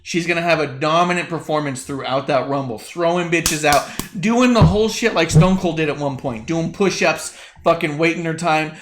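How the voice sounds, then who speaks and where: A man co-hosting a casual wrestling podcast over drinks, talking in an animated, profane way and sometimes slipping into silly voices. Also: on the high side, normal speed, hardly any pauses, slight background noise. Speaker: podcast co-host.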